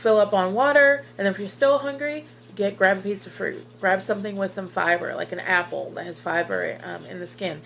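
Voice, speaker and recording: A woman's voice: medium pitch, brisk, gravelly, few pauses, a bit bright, a little hiss or hum, low-quality recording. A woman in her thirties talking earnestly in a personal vlog, encouraging viewers with lots of fillers. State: tearful at times. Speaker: vlogger. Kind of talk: personal weight-loss vlog.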